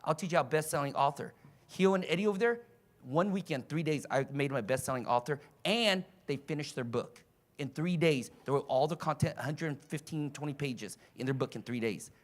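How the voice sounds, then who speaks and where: A man giving a motivational seminar as a coach, fiery and loud, shouting and swearing to rouse his audience. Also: on the high side, brisk. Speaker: coach and trainer. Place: live seminar in front of an audience.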